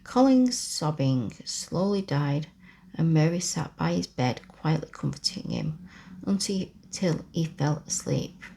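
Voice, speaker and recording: A woman reading a classic children's book aloud in a slow, soft whispered role-play. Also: low-pitched, big pitch swings, vocal fry, slight background noise. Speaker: ASMR storyteller.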